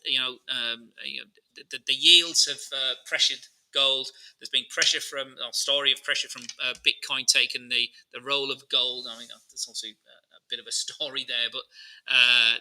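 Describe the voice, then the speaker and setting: A man hosts a live market analysis stream in a loose, chatty way. He talks through his charts and answers viewer questions as they come in. His voice has a very bright, forceful edge and sits at a middle pitch for a man. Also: rough recording. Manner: many fillers and restarts, relaxed and informal.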